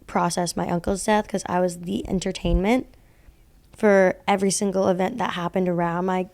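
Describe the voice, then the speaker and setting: Telling ghost stories as a podcast co-host, this young woman speaks at a normal speed in a lowish, gravelly, darkish voice with a steady tone. Her storytelling wanders casually, loaded with fillers and self-directed laughter.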